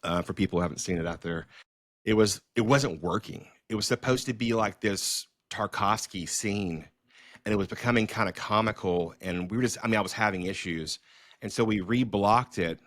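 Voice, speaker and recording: A middle-aged man, a filmmaker hosting a podcast, telling stories in a casual, animated way with many fillers and restarts. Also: on the low side, normal speed, no room sound, clean studio sound. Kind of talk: casual storytelling conversation.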